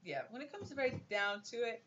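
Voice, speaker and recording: A young woman hosting a casual wrestling chat, animated, ranting and laughing often. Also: a little high, normal speed, slight background noise. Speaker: podcast host. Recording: dull lo-fi stream audio.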